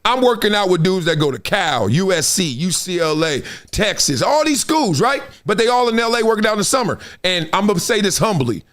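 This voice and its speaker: Lively, high-voiced storytelling man from Compton. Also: brisk, few pauses. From Compton, Los Angeles. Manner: storytelling, slangy, acts out others' voices. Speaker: host. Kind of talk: animated solo livestream talk.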